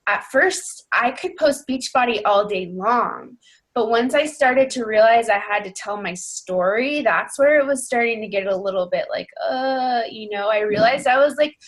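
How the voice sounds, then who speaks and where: A woman's voice: a little high, normal speed. Young woman, team coach, earnest and chatty, loose unscripted delivery, lots of "you know" and "like". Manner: earnest, rambling, heavy on fillers like "you know" and "like". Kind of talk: casual team call talk.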